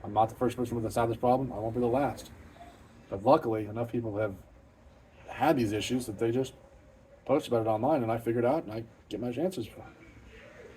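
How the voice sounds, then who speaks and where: This car channel host, a middle-aged man, speaks fairly quickly in a medium-pitched, dark-toned voice broken by long pauses, with slight background noise. Filming an unscripted vlog in his home garage, he's profane, blunt and plain-spoken, matter-of-fact and quick to put himself down.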